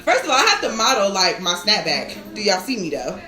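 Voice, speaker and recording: A woman's voice: medium pitch, big pitch swings, a little fast, pushed and bright, reverberant, rough recording. A woman hosting a casual live stream, telling chatty stories full of "like" and bursts of laughter. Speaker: live-stream host and new lactation counselor.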